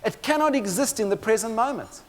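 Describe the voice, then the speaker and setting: A man with a high voice gives a keynote talk from a stage. He tells his stories with dry humor and turns often to the audience. His words trail off into a long hall reverb. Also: animated, brisk. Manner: storytelling with dry humor, addresses audience directly. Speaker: motivational speaker. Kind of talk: keynote presentation on stress.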